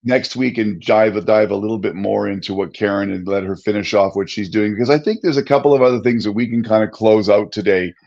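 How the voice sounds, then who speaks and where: A man co-hosting a podcast, telling a story about himself in a lively, self-mocking way. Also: lowish voice, brisk, creaky, few pauses, muffled recording. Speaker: podcast co-host. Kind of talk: casual podcast conversation.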